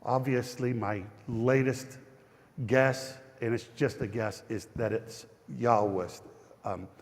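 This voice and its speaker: A man's voice: mid-range voice, steady tone, takes it slowly. Male pastor teaching scripture informally, rambling and self-correcting, mid-range voice, long church reverb. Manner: chatty and digressive, with frequent restarts. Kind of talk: Bible study teaching.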